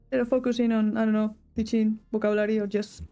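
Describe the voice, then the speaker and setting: Her voice sits fairly high with little pitch movement, quick, mellow and smooth, over soft background music. She's a young woman from Spain with a Spanish accent, drawing while chatting to her stream in English, rambling, breaking off and giggling.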